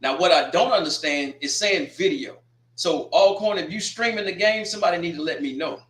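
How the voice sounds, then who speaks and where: Man, casual sports host, teasing, animated, fairly high voice, roomy echo. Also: a little fast. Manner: animated, teasing, talks straight to teams. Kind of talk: casual sports preview commentary.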